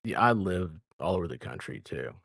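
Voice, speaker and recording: A man's voice: low voice, big pitch swings, brisk, creaky, fairly bright tone, no room sound, clean studio sound. A man from Memphis with a Southern American accent, co-hosting a casual chat and telling stories in a laid-back, rambling way. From Memphis, Mid-South United States. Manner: laid-back, rambling, laughs mid-sentence. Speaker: co-host.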